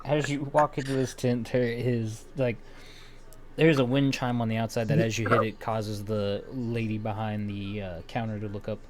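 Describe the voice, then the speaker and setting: A man's voice: on the low side, fairly even intonation, moderate pace, over a noisy crowd. Laid-back male game master. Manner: casual, filler-heavy, often laughing. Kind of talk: narrating a tabletop game.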